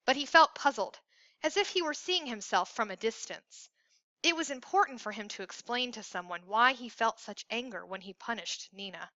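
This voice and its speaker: Female storybook narrator, steady read, bright tone, muffled lo-fi recording. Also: on the high side, moderate pace, no room sound. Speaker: audiobook narrator. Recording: dull lo-fi recording.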